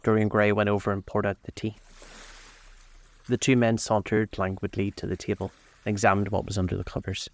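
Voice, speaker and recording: A man reads a classic story aloud in calm, measured narration. His voice is low with a gravelly edge, and he takes his time over each sentence. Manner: slow, measured reading. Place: outdoors on a lakeside deck.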